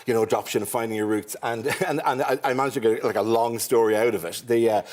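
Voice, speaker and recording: A man's voice: mid-range voice, steady tone, fast talker. A middle-aged man with an Irish accent, a chat show guest telling rambling comic anecdotes full of restarts. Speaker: guest comedian. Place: TV studio with live audience. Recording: studio audience audible.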